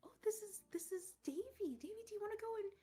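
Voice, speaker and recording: A woman voicing a cheerful, apologetic mermaid mother in a tabletop game, speaking high and loud. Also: quick pace.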